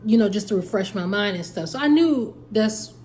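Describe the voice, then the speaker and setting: A woman's voice: mid-range voice, expressive, normal speed, darkish tone, slight background noise. A woman, casually telling a story and acting out both sides of the conversation. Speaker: family vlogger.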